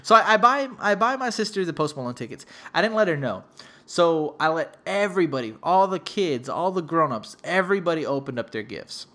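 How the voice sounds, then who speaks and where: Brief: chatty man host, fairly high and very lively pitch, cursing freely as he rambles. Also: brisk. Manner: profane, rambling, laid-back. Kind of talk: casual storytelling.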